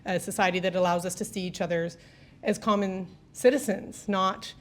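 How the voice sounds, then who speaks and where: Brief: woman speaker at a podium mic in an event room, mid-pitched, earnest and halting. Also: steady tone. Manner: earnest, slow, searching delivery with restarts. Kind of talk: live speech to an audience.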